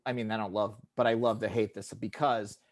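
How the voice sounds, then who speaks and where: A man's voice: lowish voice, level tone, a little fast. A man in his thirties co-hosting a podcast, chatting casually and animatedly, swearing and acting out quotes in funny voices. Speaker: podcast co-host. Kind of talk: casual chat.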